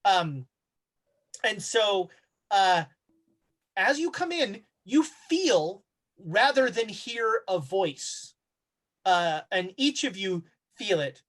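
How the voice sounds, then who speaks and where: A man's voice: sits high, sing-song, slow, pauses often, a bit bright. A man running a tabletop horror game, narrating scenes casually with many fillers and restarts. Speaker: game master.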